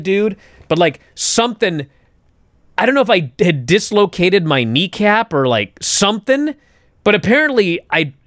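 A young adult man, co-host of a podcast, telling a story in casual chat, animated and swearing as he acts out his own thoughts. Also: high-pitched, dry recording, clean studio sound.

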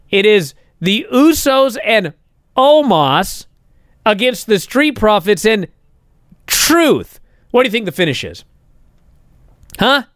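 Exasperated man recapping, lively high voice. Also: clean tone, no echo, studio quality. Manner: exasperated, sarcastic, rising to indignant outbursts. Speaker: wrestling show reviewer. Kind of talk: casual recap commentary.

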